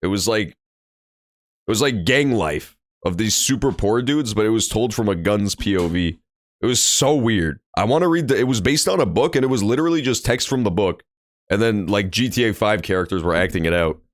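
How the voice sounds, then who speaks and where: A young man streams a story game from his home desk mic, joking crudely and cursing as he plays. His voice is low but swings widely in pitch. The sound is dry and close. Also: lively intonation, fairly quick, no echo. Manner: crude, profane, jokey. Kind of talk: casual gameplay commentary.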